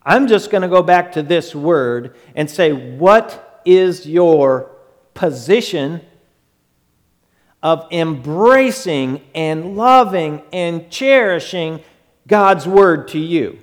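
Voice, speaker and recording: Male pastor, high voice, slow emphatic sermon delivery, long hall reverb. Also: lively intonation. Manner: slow, emphatic preaching with quick acted asides.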